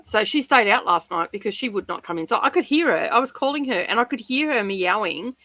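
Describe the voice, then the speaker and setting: Bright, giggly woman. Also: medium pitch, expressive, fairly quick, no echo, low-quality recording. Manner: chatty, giggly, rambling. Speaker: livestream host. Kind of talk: casual chat.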